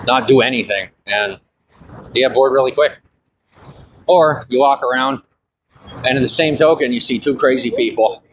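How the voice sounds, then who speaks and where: A man's voice: medium pitch, normal speed, long pauses, fairly bright tone, slight background noise, poor audio. A man chatting casually and bluntly while walking down a city street filming a vlog, swearing freely. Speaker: vlogger.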